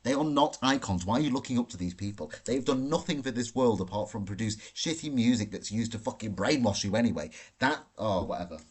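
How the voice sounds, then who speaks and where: A brash man rants through a live Q&A stream, swearing freely as he fires back at chat questions. His voice sits a little low for a man. He streams from a hotel room. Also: expressive, a little fast, hardly any pauses, husky. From Britain. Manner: brash, profane ranting. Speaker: livestream host.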